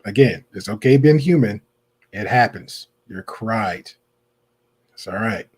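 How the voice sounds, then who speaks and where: Husky-voiced man giving blunt commentary. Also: lowish voice, animated, measured pace, a little mellow. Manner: blunt, repeats his points for emphasis. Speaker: podcast host reacting to a clip. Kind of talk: casual commentary.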